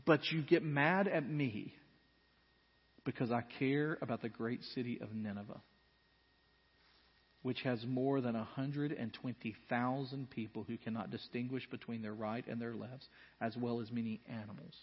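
A man preaching a sermon as pastor, earnest, swinging from quiet reflection to loud emphasis. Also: medium pitch, steady tone, normal speed, slightly rough. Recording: dull sound in a reverberant hall.

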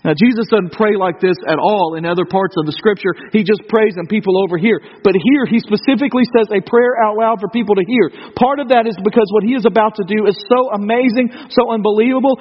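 American male pastor, sermon, conversational with rhetorical questions; high voice, dull muffled sound. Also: in a large hall. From United States. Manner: conversational, rhetorical questions, swings from loud to hushed.

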